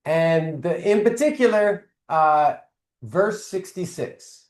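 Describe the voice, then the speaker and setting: A man's voice: on the high side, animated, takes it slowly, roomy sound. A man hosting a devotional video call, inviting questions and speaking with enthusiastic, emphatic praise.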